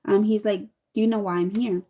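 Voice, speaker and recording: A woman's voice: mid-range voice, fairly quick. A woman in her thirties chatting casually while doing her makeup, telling a rambling story and acting out the lines of the people in it. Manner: chatty, rambling, animated quoting. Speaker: vlogger.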